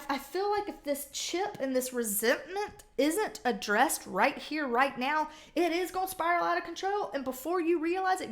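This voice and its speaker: A woman with a high voice reads tarot cards for her viewers in a loose, chatty way. She is blunt and salty, and she swears freely as she talks it through. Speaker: tarot reader. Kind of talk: casual tarot reading.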